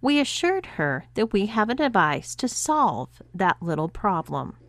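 A woman's voice: medium pitch, big pitch swings, a little slow, dry recording. A woman voicing a stern, commanding female cruise director who speaks with cool, controlled authority.

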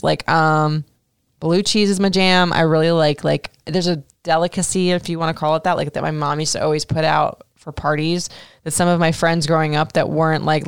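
Chatting through listener questions, this thirtysomething podcast host leans on fillers and drops casual swear words. She speaks in a low, clean voice, captured with a clean studio sound and no echo.

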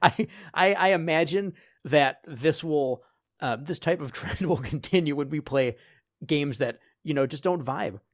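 A man's voice: a little high, measured pace. A man co-hosts a laid-back podcast about retro games. He laughs often and stumbles through his sentences, repeating words as he goes. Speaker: podcast co-host.

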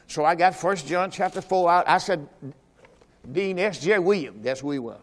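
A high-voiced man preaching in a church, speaking. He swings from loud, pressing exhortation to low, confiding asides as he works through scripture. His voice rings out with a long reverb through the hall. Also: normal speed. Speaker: pastor. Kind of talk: sermon. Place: church during a Sunday service.

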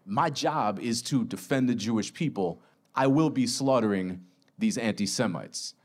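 A towering golem speaks in short, flat, blunt sentences, as a man puts him on. The voice stays close to the man's own. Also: medium pitch, a little slow, natural voice. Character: huge blunt male golem, single-minded defender.

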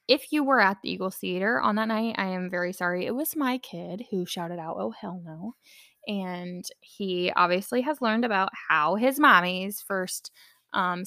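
A young woman hosts a casual personal podcast, her voice bright and edged with vocal fry. She talks candidly and chattily, leaning on fillers and the odd swear word. The sound is close and dry, with no room around it. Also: medium pitch, no room sound. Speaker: podcast host.

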